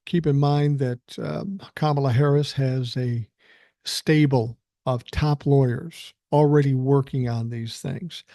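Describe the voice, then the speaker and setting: An older man hosts his own podcast, delivering a blunt, angry rant thick with profanity. His voice is dark and mellow. The sound is dry and close, with no room around it. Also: mid-range voice, steady tone, slow, dry recording. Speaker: podcast host reading listener emails.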